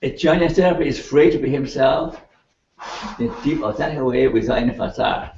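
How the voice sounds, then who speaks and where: An older man lecturing a class in an animated way, laughing and checking in with his students as he goes. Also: medium pitch, brisk, slight background noise. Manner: animated, laughing, keeps asking the class "right?". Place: lecture room. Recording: echoey, distant, dull room recording.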